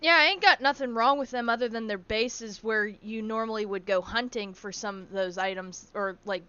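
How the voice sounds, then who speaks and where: A woman's voice: a little high, normal speed, pushed and bright, smooth, no room sound, lo-fi sound. A woman streaming a survival game, chatting casually, swearing freely and cooing at her in-game animals. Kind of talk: casual gameplay commentary.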